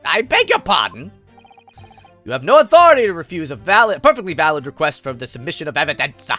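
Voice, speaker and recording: A woman's voice: low-pitched, very animated, quick pace, a bit bright, faint music behind, heavily acted. A woman voicing a nervous but determined young male defense lawyer in a game read-along, earnest and insistent.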